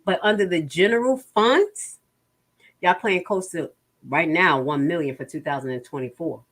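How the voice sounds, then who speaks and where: At a moderate pace, a woman with a lowish, fairly bright voice runs a casual livestream, reviewing budget figures in a blunt, fed-up manner. She also reads out comments from her viewers.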